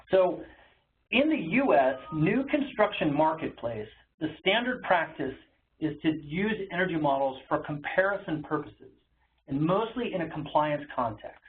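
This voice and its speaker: A man's voice: a little high, animated, normal speed. A man giving an educational webinar presentation in a conversational way, with frequent ums and uhs. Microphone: webinar call audio. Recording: tinny phone-like webinar audio with faint noise.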